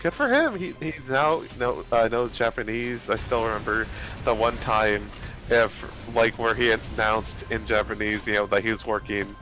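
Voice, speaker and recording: A man's voice: fairly low pitch, moderate pace, pushed and bright, faint music behind. A man chatting casually with friends while gaming, rambling with lots of fillers and restarts, over a voice chat headset.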